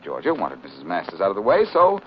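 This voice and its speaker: A wisecracking, cool-headed detective quips in a low, lively voice. He speaks in the style of a 1940s radio drama. The broadcast sounds dull and lo-fi, with a faint hiss. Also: fast talker. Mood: confident. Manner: wry, smooth, quipping. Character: wisecracking reformed-crook detective, cool and charming. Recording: lo-fi old radio recording.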